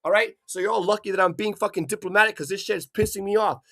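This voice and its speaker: A man from Hawaii delivering an angry, profanity-filled rant, swearing constantly and bursting into shouts. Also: sits high, steady tone, quick pace. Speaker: vlogger.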